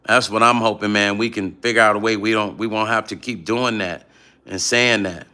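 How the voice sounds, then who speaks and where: Bright-voiced man in animated late-night chat. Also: on the low side, normal speed. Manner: animated storyteller, addresses viewers as family. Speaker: musician hosting a late-night livestream. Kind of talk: casual late-night chat, reading viewer comments.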